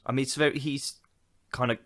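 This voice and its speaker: A man's voice: mid-range voice, steady tone, fairly quick, fairly bright tone. A man co-hosting a casual podcast conversation, speaking loosely with lots of fillers. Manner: loose and conversational, full of "like" and "yeah". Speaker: podcast co-host. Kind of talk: casual chat about a film.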